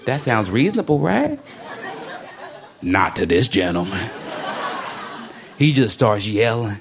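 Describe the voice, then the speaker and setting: Stand-up guy on a club stage, voice jumps all over, crowd laughing loud behind him. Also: slow, long pauses. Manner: animated storytelling, acting out characters, swinging pitch. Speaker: stand-up comedian. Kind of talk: stand-up comedy set. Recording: live club recording with crowd laughter and noise.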